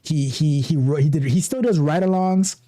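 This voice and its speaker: A man with a mellow, warm voice hosts a livestream, reading an article aloud. He stumbles and restarts often and keeps breaking off into animated, chatty asides. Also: a little high, moderate pace. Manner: animated asides, frequent restarts and repeated words. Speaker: livestream host.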